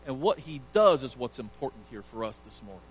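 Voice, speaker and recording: A man's voice: mid-range voice, big pitch swings, brisk, slight background noise, rough recording. A male pastor preaching an earnest sermon, emphatic and sometimes stumbling over restarts.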